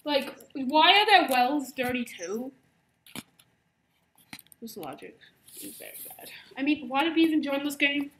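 Young woman playing Milady de Winter, bright and excitable. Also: sits high, a little slow, long pauses, slight background noise, full character voice. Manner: excitable, shrieks and whispers by turns. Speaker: player voicing a musketeer in an online animal game. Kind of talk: improvised role-play over gameplay.

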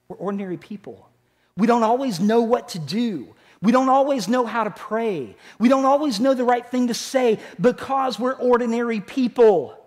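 A middle-aged man preaching a sermon as pastor in a church, swinging from loud emphasis to hushed asides. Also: high-pitched. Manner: animated preaching, rising and dropping sharply for emphasis. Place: church sanctuary.

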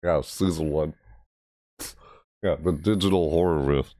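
A man hosting a casual reaction video, rambling excitedly about a game trailer. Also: a little slow, dry recording, clean studio sound. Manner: excitable, rambling, mimics game voices in high yelps.

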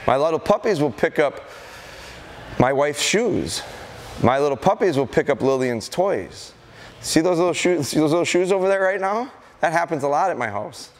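A middle-aged man from Wisconsin speaks to a seminar crowd about training dogs. His voice rises and falls a lot as he tells stories and acts them out. The room behind him carries a faint hum of ambience. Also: on the high side. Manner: animated storytelling, acts out excited calls to dogs. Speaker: dog trainer giving a seminar. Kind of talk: live seminar talk to an audience. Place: large indoor hall with a corridor.

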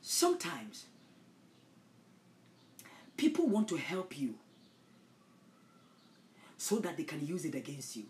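A woman preaching a sermon, dropping to hushed whispers and rising to loud, impassioned shouts. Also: low voice, wildly swooping pitch, slow pace, pauses often. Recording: echoey room.

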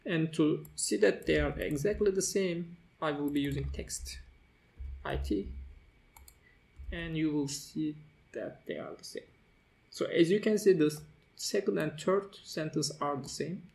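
Gravelly man narrating a coding tutorial. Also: fairly high pitch, a little slow, a little mellow. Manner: walks through steps as he types, with fillers and self-corrections. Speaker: tutorial host. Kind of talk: screen-recorded coding tutorial.

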